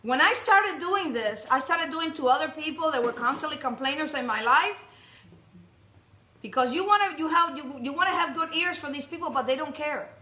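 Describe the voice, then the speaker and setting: A woman giving a sermon to a congregation, telling stories in an animated, jokey way, often restarting her sentences. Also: high-pitched, moderate pace. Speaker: speaker at a congregation. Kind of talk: storytelling sermon. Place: worship hall. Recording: echoey hall.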